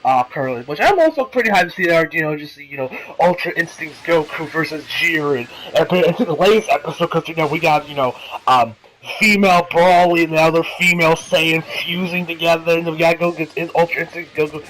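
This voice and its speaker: A man's voice: fairly high pitch, fairly bright tone, low-quality recording. Rambling man recapping an anime episode. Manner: rambling, many fillers, laughs often; acts out character lines in quick impressions. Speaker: anime reviewer.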